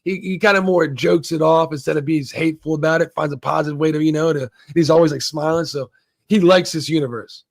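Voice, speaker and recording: Man, casual TV review host, excitable, profane, slightly high voice, gravelly. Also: fast talker, dry recording. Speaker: show reviewer, channel host.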